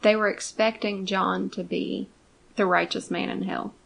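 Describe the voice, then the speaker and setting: A woman's voice: medium pitch, little pitch movement, unhurried, creaky, a bit bright. A young woman co-hosting a fan podcast, chatting casually and arguing her points with emphasis. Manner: emphatic, swears, argues a point. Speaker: podcast co-host.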